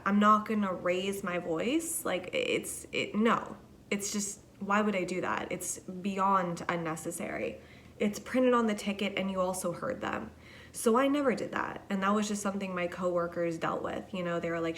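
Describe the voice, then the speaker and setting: A woman's voice: on the low side, fairly bright tone, slight background noise. A young woman hosting a podcast, telling a rambling, profane, self-deprecating story in a casual monologue. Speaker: podcast host.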